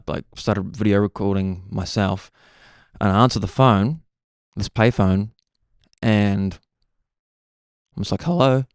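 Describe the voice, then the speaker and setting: A man's voice: on the low side, vocal fry, clear, resonant tone, dry recording, studio quality. Laid-back man rambling on a podcast. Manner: laid-back, meandering, peppers speech with "bro". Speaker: podcast host. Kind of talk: casual rambling monologue.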